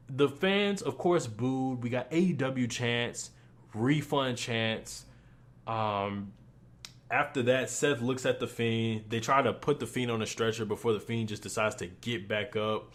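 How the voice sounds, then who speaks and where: A young man with a mid-range voice rants through a casual review. He swears freely and sounds exasperated, firing off quick disbelieving questions. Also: mid-range voice. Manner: profane, exasperated, animated ranting. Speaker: wrestling reviewer.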